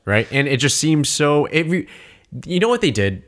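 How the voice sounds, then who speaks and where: Male podcast co-host, casual, emphatic, halting delivery. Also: fairly high pitch, big pitch swings, a bit bright. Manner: halting, restarts often, emphatic. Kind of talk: casual chat.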